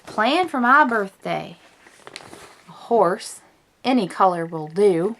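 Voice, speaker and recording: A woman's voice: mid-range voice, lively intonation, slow pace, a bit bright, full character voice. A woman voicing a horse-mad little cowgirl in a put-on Western twang, reading a picture book aloud. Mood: eager. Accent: put-on American Western twang. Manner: drawling, folksy storybook read-aloud.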